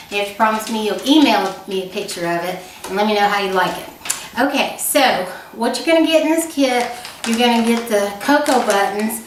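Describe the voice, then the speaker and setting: A woman's voice: mid-range voice, a little hiss or hum. A woman hosting a home cooking video, chatting folksily and straight to her viewers. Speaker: cooking channel host. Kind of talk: casual cooking demo chat. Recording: roomy room sound from a distance.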